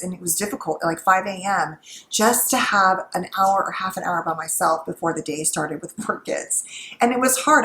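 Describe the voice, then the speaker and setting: A middle-aged woman psychologist giving casual, gently instructive advice while cooking at home, with a conversational manner. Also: medium pitch, roomy sound, a little hiss or hum, low-quality recording. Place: home kitchen.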